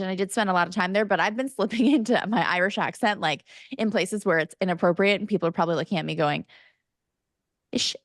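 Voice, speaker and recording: A young woman chatting on a podcast, talking in a self-mocking, jokey way. Her voice sits at an ordinary middle pitch. It is recorded close and dry, with no room sound. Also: fairly bright tone, no room sound. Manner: chatty, self-mocking, slips into playful Irish-accent bits. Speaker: podcast co-host. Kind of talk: casual chat.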